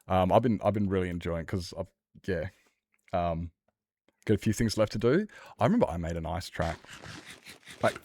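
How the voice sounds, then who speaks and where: A man's voice: low voice, darkish tone, a little hiss or hum. A man chatting casually on a live game stream, rambling and laughing often as he talks to viewers. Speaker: Minecraft streamer.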